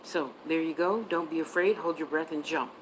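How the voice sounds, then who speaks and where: A woman's voice: sits low, steady tone, normal speed, a little hiss or hum, low-quality recording. A woman on a casual livestream as a psychic reader, chatting and answering viewer comments, sometimes spelling words out.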